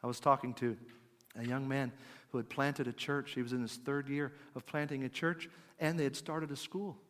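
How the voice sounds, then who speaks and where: A middle-aged man preaching a conversational sermon, asking his listeners questions and dropping to a quiet, slow voice for emphasis. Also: medium pitch, fairly even intonation. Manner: conversational, asks the audience questions. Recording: long hall reverb.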